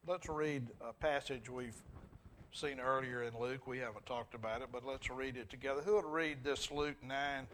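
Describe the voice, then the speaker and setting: Southern man teaching Bible class, middle-aged, mid pitch, faint room noise. Chatty and full of questions. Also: steady tone, normal speed, a bit bright. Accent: Southern US, Alabama. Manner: asks the group questions, chuckles, restarts often.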